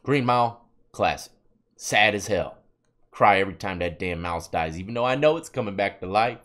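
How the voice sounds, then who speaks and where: A man's voice: fairly low pitch, animated, moderate pace, noisy background. A man hosting a reaction vlog, talking about prison life in a laid-back, slangy way. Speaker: host reacting to clips, formerly incarcerated. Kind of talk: casual reaction commentary.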